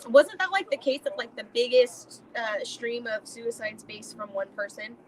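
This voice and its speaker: A woman's voice: fairly high pitch, moderate pace, rough recording. A woman co-hosting a podcast in casual chat, blunt and emphatic, swearing freely. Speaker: podcast co-host.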